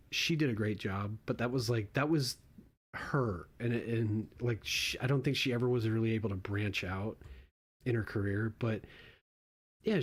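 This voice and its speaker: A young man doing casual reaction commentary, rambling and swearing freely, often restarting his sentences. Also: mid-range voice. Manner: rambling and profane, with frequent restarts. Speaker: online commentator.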